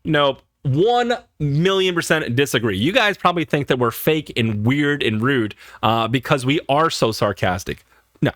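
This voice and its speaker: A man's voice: mid-range voice, expressive, normal speed, fairly bright tone, no room sound. An American man hosting a reaction video, joking and emphatic as he talks straight to his viewers. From United States. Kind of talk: casual commentary.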